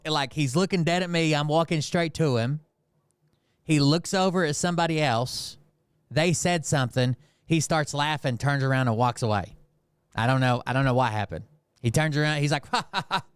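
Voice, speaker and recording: A man's voice: a little high, moderate pace, clean tone, no room sound, studio quality. Profane man telling a heated story. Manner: profane, rambling, heated retelling full of fillers. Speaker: channel host. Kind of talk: casual storytelling.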